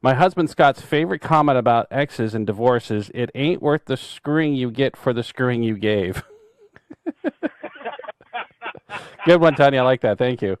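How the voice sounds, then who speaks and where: A man co-hosts a casual chat, jumping in with quick remarks. His pitch swings widely as he talks, and the sound is dry and close. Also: clear, resonant tone, no room sound. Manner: lively, quick interjections. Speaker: podcast co-host.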